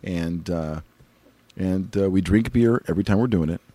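Low mellow-voiced man rambling casually. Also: moderate pace, slightly rough, dry recording. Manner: rambling, chewing while talking, laughs easily. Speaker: podcast co-host. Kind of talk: casual chat.

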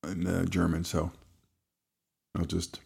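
A man co-hosting a casual podcast, rambling and halting, laughing easily and stumbling over words. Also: low-pitched, completely flat delivery, vocal fry, darkish tone, slightly rough. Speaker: podcast co-host. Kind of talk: casual chat.

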